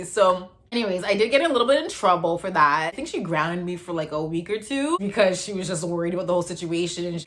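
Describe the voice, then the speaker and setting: A woman's voice: mid-range voice, animated, a little fast, hardly any pauses, a bit bright. A woman in her thirties from Canada, chatting animatedly as she tells a storytime vlog. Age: 30s. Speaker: vlogger.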